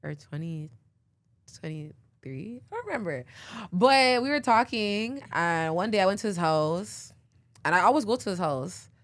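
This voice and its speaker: A woman's voice: lowish voice, expressive, measured pace. A young woman, hosting a podcast and telling a long story in a rambling, filler-heavy way with frequent laughs. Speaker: podcast host. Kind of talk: casual storytelling.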